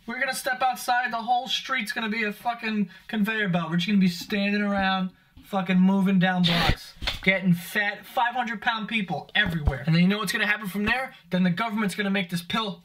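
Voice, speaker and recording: Young male vlog host with a high, bright voice who rants to camera with plenty of swearing. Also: a little fast. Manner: profane, exasperated ranting. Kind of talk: comedic rant to camera.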